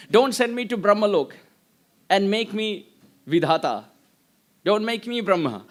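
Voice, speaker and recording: A man giving a devotional lecture in a high, expressive voice. He tells stories, acts out the voices in them, and chants Sanskrit verses in between. His pitch jumps and swoops, which keeps the talk animated. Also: moderate pace. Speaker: preacher.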